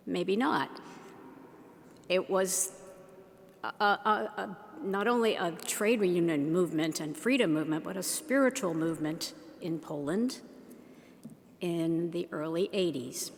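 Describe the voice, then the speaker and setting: A woman giving an unhurried, teacherly talk to an audience, asking them questions as she goes. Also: fairly low pitch, vocal fry. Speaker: speaker. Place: large shrine hall. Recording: long hall reverb.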